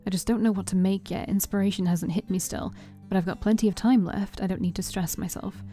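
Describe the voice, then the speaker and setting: A woman streamer reading a visual novel aloud in the first person, playful and expressive as she narrates and speaks the heroine's lines. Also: mid-range voice, fairly quick, faint music behind. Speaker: let's-play streamer.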